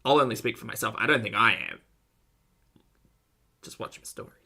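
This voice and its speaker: A man's voice: fairly low pitch, very animated, normal speed, gravelly, pushed and bright, husky. A man hosting a reaction commentary, dry and sarcastic, with wry asides. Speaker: commentary host.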